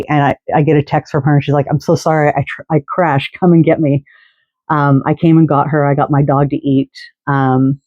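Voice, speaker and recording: A man rambles casually through a long story, with plenty of fillers and restarts. His voice is slightly high but mellow. The recording is dry, dull and lo-fi. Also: no echo. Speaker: fan podcast host.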